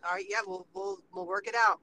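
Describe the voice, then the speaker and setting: Female co-host, fast talker, dry teasing banter. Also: medium pitch, fairly even intonation, bright, forceful tone, poor audio. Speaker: podcast co-host. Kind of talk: casual chat.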